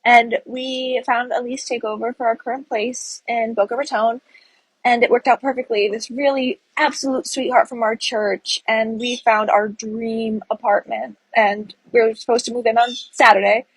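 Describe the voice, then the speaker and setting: Young woman, high and breathy-husky, close dry phone sound, tearful breakup storyteller. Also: flat delivery, normal speed, no echo, rough recording. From Florida. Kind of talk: emotional storytelling to camera.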